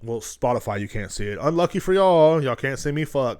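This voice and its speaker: A man's voice: mid-range voice, expressive, a little fast, hardly any pauses, darkish tone, smooth. A man hosting his own podcast, rambling and joking with heavy profanity, recorded at home. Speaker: podcast host. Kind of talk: casual comedic rant. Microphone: studio headphones and mic.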